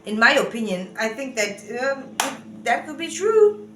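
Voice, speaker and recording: A woman's voice: sits high, big pitch swings, unhurried, noisy background. Woman musing in an echoey room. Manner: earnest, musing, rambling. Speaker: vlogger. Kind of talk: casual opinion commentary. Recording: roomy echo.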